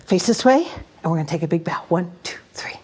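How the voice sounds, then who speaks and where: A woman magician performing a playful magic show for children, swinging between mock-outraged shouts and hushed whispers. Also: fairly low pitch, expressive, fast.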